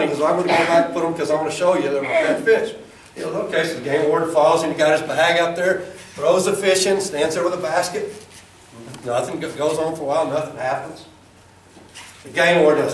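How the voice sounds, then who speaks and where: Middle-aged man, folksy speaker, mid pitch, distant mic in a very echoey hall. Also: fairly quick, a little hiss or hum. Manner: folksy, storytelling, plainspoken. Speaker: speaker at a chamber event, former football coach. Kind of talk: folksy motivational speech with jokes.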